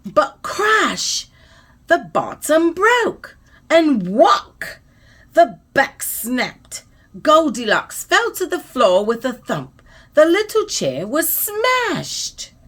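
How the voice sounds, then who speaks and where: Slow, expressive woman storyteller. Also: sits high. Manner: expressive, soothing, trailing into soft whispers at the close. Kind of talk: bedtime story read-aloud.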